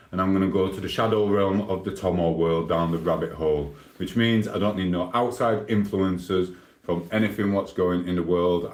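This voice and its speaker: A man's voice: lowish voice, reverberant. A man from England with a Sheffield accent, chatting casually on a live stream, reading viewer comments with rambling banter and laughs. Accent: Sheffield, Yorkshire.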